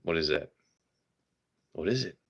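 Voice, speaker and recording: A man's voice: low voice, expressive, measured pace, creaky, breathy edge, highs cut off. A man hosting a casual livestream, playfully talking to his pet and his chat viewers. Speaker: livestream host.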